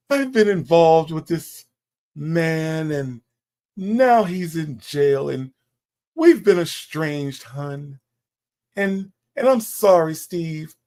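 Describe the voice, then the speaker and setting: A man's voice: on the high side, a little mellow, voice pushed up. A man imitating a woman who pleads and apologizes sweetly on a talk show.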